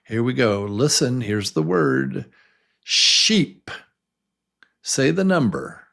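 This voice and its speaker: A man teaching a beginner English pronunciation lesson, leading slow, patient drills and encouraging his learners. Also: mid-range voice, wildly swooping pitch, gravelly.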